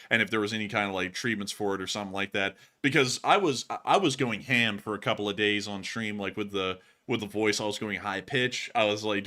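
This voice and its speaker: A male live-stream host speaks in a bright, forceful voice that he deliberately pushes up for excitement. His phrasing is emphatic and packed with repeated thank-yous to viewers. The voice is still recovering from recent vocal cord strain. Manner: raised on-air voice pushed higher for excitement. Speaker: livestream war news host. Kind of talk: live-stream chat answering viewer questions.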